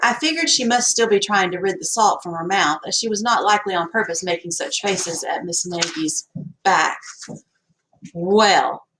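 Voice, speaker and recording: A woman reads a story aloud in the first person, folksy and expressive. Her voice sits mid-pitch for a woman, telling the tale in an easy storyteller's way. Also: normal speed, background noise. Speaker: audiobook narrator. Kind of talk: scripted first-person narration.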